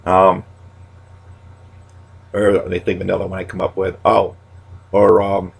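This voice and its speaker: A man's voice: low voice, little pitch movement, unhurried, vocal fry, long pauses, slightly rough. A man in his thirties, a stand-up comic, talking to camera in a loose, rambling monologue full of restarts and pet catchphrases. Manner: goes quiet and subdued when talking about loss.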